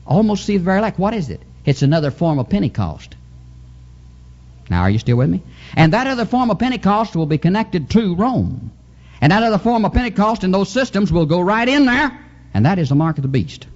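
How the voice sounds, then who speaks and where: A man preaching a fervent Pentecostal revival sermon, swinging his pitch and chuckling as he goes. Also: big pitch swings, fairly quick, darkish tone, lo-fi sound. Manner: fervent, sing-song preaching with sudden pitch jumps and chuckles.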